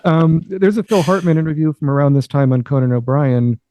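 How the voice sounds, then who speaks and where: A man co-hosts a podcast in a relaxed, agreeable manner. His tone is dark and mellow, and the sound is dry. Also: fairly high pitch, a little fast, no room sound. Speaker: guest co-host. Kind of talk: casual podcast commentary.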